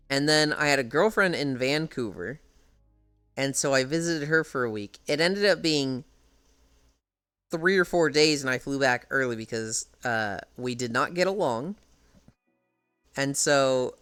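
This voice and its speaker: Animated young streamer, casual chat, frequent laughs, salty language, faint music behind. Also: mid-range voice, clean tone, no room sound. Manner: lively, laughs often, swears freely. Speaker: live streamer.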